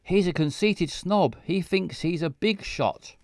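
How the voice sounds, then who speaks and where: A man's voice: high-pitched, a little slow, darkish tone, no room sound, pitched above the performer's own voice. A man reading the lines of an anxious, dramatic young woman protagonist in a game. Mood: fretful. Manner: fretful, dramatic.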